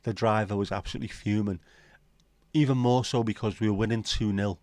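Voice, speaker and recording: A man's voice: on the low side, steady tone, brisk, a little mellow, dry recording. A man hosting a casual livestream, rambling and joking with viewers and swearing casually. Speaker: livestream host. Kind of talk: casual chat reading viewer comments.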